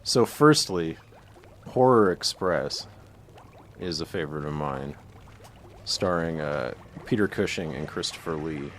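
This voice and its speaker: A man's voice: rumbling low, expressive, a little slow, long pauses, fairly bright tone, slight background noise. A man appearing as a guest on a studio radio show, chatting eagerly about his favorite films. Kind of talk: casual radio chat.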